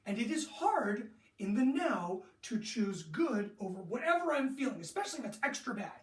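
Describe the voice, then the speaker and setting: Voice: medium pitch, sing-song, moderate pace. A sports mental coach teaching young athletes, talking animatedly, asking rhetorical questions and acting out athletes' moods. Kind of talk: motivational lesson to young athletes. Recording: roomy echo, distant from the mic.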